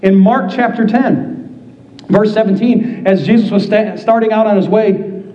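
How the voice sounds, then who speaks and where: A man's voice: high-pitched, a little slow. A man preaching an impassioned sermon, acting out the scripture as he goes. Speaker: pastor. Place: church sanctuary. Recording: roomy, slightly dull church sound.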